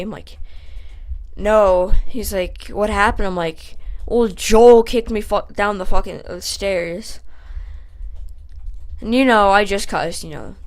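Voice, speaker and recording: A young man telling a casual storytime vlog, rambling with lots of fillers and growing animated as he retells the story. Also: sits high. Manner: animated when retelling the fight. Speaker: channel host.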